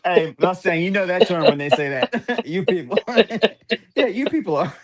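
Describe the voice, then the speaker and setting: A man's voice: high voice, expressive, moderate pace, crowd noise. A man hosting a live stream, chatting casually and joking, often breaking into laughter. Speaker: stream host.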